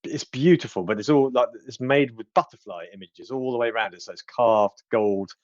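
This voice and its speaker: A man narrating as game master in a relaxed, hesitant way. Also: medium pitch, fairly quick, no echo, dull audio. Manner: relaxed, hesitant, with many fillers.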